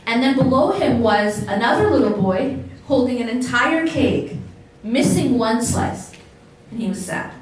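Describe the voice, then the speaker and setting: A woman's voice: fairly high pitch, animated, measured pace. A woman giving a religious talk to a live audience as an Islamic lecturer, engaging the crowd with questions. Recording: echoey hall, voice picked up from a distance.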